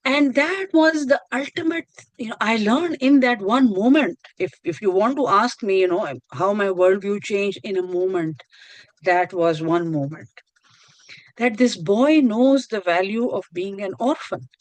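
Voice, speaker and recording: Woman, course instructor, earnest and repetitive phrasing, mid pitch, dry video-call sound. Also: a little slow, no room sound, poor audio. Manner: earnest, repeats and restarts phrases. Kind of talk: online lecture.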